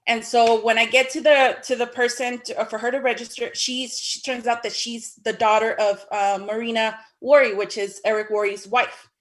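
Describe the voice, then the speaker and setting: A woman casually telling her own story in an animated way, acting out the dialogue with sudden high exclamations. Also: normal speed, hardly any pauses.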